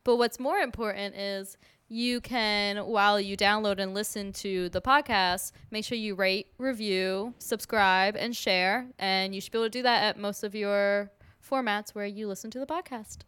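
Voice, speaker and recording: A woman's voice: medium pitch, steady tone, normal speed, fairly bright tone, clean tone. Giggly woman co-hosting a podcast. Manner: giggly, playful. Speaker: podcast co-host. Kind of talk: casual chat. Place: home room.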